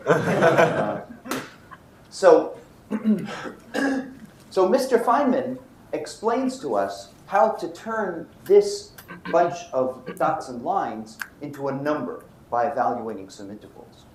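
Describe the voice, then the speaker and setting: An older man giving a university physics lecture, telling stories and acting out remarks in a lively way. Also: a little high. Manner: lively storytelling, acts out quoted remarks, laughs at his own stories. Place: lecture hall. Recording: echoey lecture hall, faint noise.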